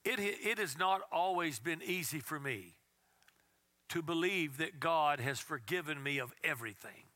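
A man preaching a sermon as pastor, telling a story in a conversational way and dropping to a soft, intense tone. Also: on the high side, lively intonation, measured pace, no room sound.

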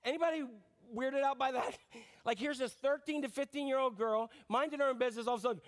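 A middle-aged man preaching a sermon as a pastor, telling the story in a lively, joking way and acting out voices. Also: very high-pitched, quick pace.

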